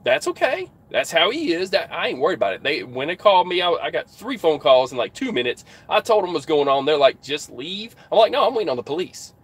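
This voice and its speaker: A man, a truck driver, telling a story in casual, excitable vlog style from his truck cab and acting out the dialogue. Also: brisk, few pauses, slightly rough. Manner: excitable, acts out dialogue in a higher voice.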